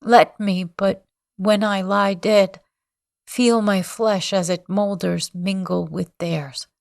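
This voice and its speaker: A woman's voice: medium pitch, fairly even intonation, slow, vocal fry, no room sound, clean studio sound. A woman voicing a grief-crazed old man. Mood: raving grief. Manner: anguished, bitter, raving cries. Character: grief-maddened old man, bitter and wild.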